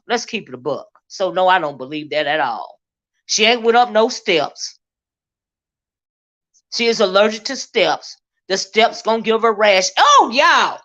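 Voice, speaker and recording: Woman livestream host, sassy gossip commentary, drawn-out asides, lo-fi dull stream audio. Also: on the high side, a bit bright. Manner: sassy, drawn-out asides of "child", reads chat comments aloud.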